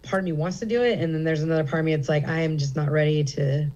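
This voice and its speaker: A woman's voice: deep voice, steady tone, fast talker, darkish tone, muffled recording. A middle-aged woman comedian speaking as an interview guest at a comedy theater, candid and rambling with many fillers. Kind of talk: casual interview chat.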